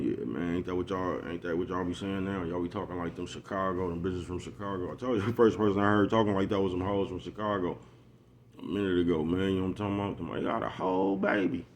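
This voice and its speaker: Deep-voiced man rambling in street slang. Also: a little mellow, a little hiss or hum. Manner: rambling, repetitive, street slang, keeps asking "you know what I'm talking about". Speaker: vlogger. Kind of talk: casual motivational monologue.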